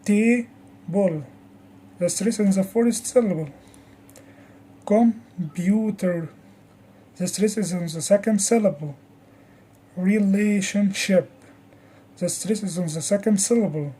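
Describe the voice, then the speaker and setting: A woman teaching an English pronunciation lesson, saying the example words slowly with careful, exaggerated articulation. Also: mid-range voice, dark tone, slightly rough. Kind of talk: scripted lesson.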